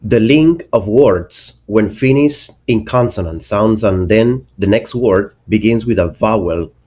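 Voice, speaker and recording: A man's voice: on the low side, unhurried, a little mellow. A man teaching an English pronunciation lesson, carefully enunciating each example word.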